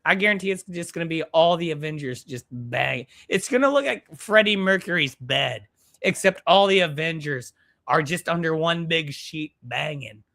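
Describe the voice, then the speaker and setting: A man hosts a live stream, talking bluntly, profanely and in a rambling way. His voice is bright and forward. He moves between heated rants and reading viewers' comments aloud. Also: fairly high pitch, animated, moderate pace, gravelly.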